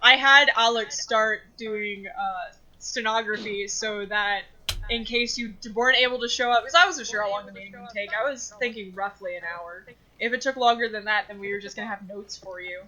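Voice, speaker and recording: A podcast co-host chatting on a call from a home mic. The voice is very bright and sharp, with a mid-range pitch. They retell stories animatedly and laugh often. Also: normal speed, low-quality recording. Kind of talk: casual group chat.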